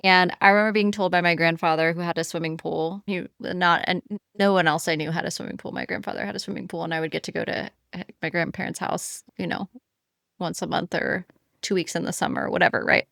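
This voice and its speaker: A woman's voice: fairly low pitch, steady tone, fast talker, creaky, fairly bright tone, dry recording, studio quality. A woman co-hosting a book podcast, chatting frankly and casually, swearing now and then. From Florida, US. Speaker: podcast co-host. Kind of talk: casual chat.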